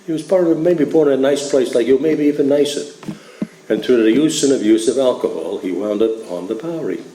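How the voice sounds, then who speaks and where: A man puts on a small, skinny psychiatrist with a raised, pointed voice who fires off blunt questions. The tone stays dark and mellow, in an echoey room. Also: medium pitch, animated, fairly quick, a little hiss or hum, lightly acted. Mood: grave.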